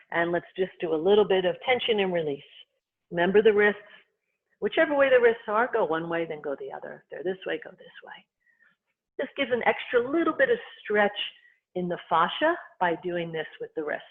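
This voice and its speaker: Qigong instructor, calm short cues, tinny phone-like sound. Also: medium pitch. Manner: calm, unhurried cueing in short phrases. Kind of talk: guided movement and breathing instruction.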